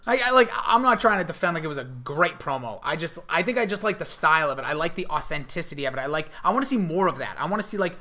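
A young man chatting casually who rambles and keeps cutting himself off partway through his thoughts. His voice sits high for a man and has a bright, sharp edge. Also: expressive, quick pace, hardly any pauses. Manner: chatty, rambling, self-interrupting. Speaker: wrestling podcast co-host. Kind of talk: casual chat.

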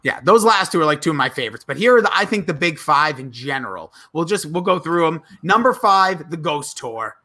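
A man's voice: fairly high pitch, brisk, few pauses. A man co-hosting a casual podcast, animatedly recapping comedy sketches, acting out the lines and laughing. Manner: animated, acts out quotes, laughs often. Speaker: podcast co-host.

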